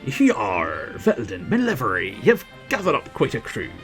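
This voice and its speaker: A man voicing a jolly, gruff pirate captain in a video game, with a growly drawl and hearty laughs. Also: mid-range voice, wildly swooping pitch, a little slow, soft background music.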